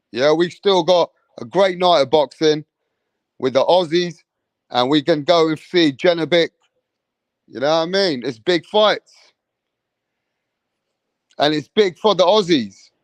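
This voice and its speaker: A young man with a high-pitched voice hosts a boxing livestream, chatting casually in a slang-heavy, repetitive way and reading viewer comments aloud. The recording has no echo.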